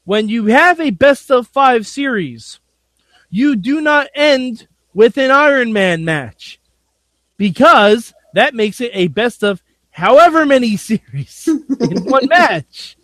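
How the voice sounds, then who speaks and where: A man's voice: very high voice, very animated, a bit bright, no room sound. A man co-hosting a casual wrestling podcast, joking and laughing as he talks. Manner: joking, laughing, fast bursts. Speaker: podcast co-host.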